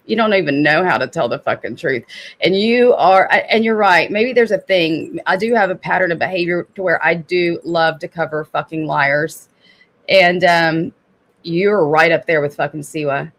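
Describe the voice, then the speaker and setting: A woman's voice: fairly low pitch, moderate pace, fairly bright tone. Sarcastic, swearing woman commentator. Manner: confrontational, sarcastic, swears, laughs often. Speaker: drama commentary host. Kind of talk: reaction commentary on a played stream.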